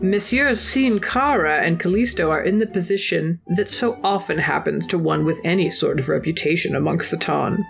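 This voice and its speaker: A woman's voice: fairly low pitch, normal speed, gravelly, hardly any pauses, soft background music. Lady Whistledown, as a woman puts her on. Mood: arch, genteel. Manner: arch, genteel phrasing. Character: Regency society gossip columnist lady, arch and prim. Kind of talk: mock-formal recap reading.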